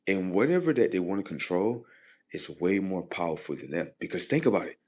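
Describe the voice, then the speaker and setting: A man hosting a livestream, rambling in a casual monologue that repeats itself, swears freely and swings from low muttering to loud emphasis. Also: very animated, a little fast. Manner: rambling, repetitive and profane, drifting between muttering and loud emphasis. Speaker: livestream host.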